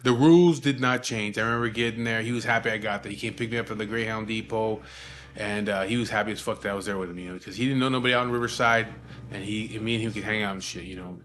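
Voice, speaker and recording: A man's voice: on the low side, fairly even intonation, fast talker, a bit bright, slight background noise. A man in his forties from Southern California, telling a story casually with a lot of swearing and fillers. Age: 40s. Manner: laid-back and profane, with frequent fillers.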